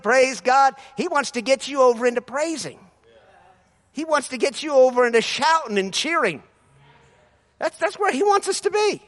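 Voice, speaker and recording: A man preaching a sermon as pastor, fervent and building to shouts of praise. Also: very high-pitched.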